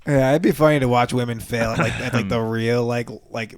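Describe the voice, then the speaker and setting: A man's voice: mid-range voice, steady tone, brisk, clean tone. A man co-hosting a podcast in casual chat, joking crudely and laughing often. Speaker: podcast co-host.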